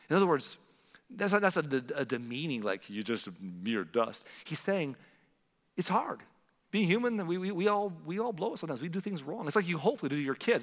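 A man preaching a sermon as pastor, talking in a conversational, animated way and acting out quotes. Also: a little high, in a large hall.

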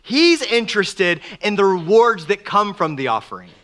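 A middle-aged man preaches as a pastor at normal speed and in a high voice. Full of animation, he plays out the voices of the people in his quotes.

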